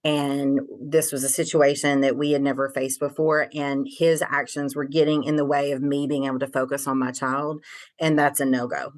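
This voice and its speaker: A woman's voice: extremely low pitch, little pitch movement, normal speed. A middle-aged woman from Tennessee, a podcast guest, telling a personal story frankly with casual swearing and many fillers.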